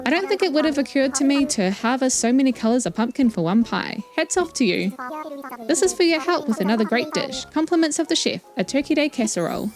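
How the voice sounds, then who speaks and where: A woman's voice: high voice, expressive, brisk. A woman with a New Zealand accent voicing a proud, showy male turkey chef by reading the game dialogue aloud. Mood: grateful.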